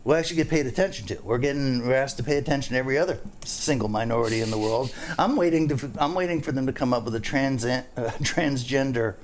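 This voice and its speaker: A man's voice: mid-range voice, fast, few pauses, a little hiss or hum. A man who is a fishing guide, hosting a casual podcast chat and rambling through jokes and stories. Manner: rambling, joking, storytelling.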